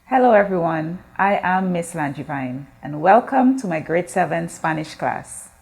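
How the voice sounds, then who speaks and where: A woman's voice: fairly low pitch, lively intonation, vocal fry, a little mellow. A woman teaching a recorded school language lesson, patiently drawing out words for learners to repeat and asking questions of the class. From Guyana. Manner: slow, drawn-out modeling of words for repetition. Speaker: Spanish teacher.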